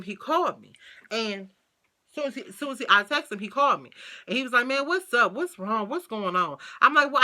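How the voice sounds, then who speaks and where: Black lady doing a storytime vlog, super bright sharp voice, slangy and chatty, talks to her viewers a lot. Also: on the high side. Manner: animated, chatty, lots of fillers and asides to viewers; slangy, swears freely. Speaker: vlogger. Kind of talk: casual storytime.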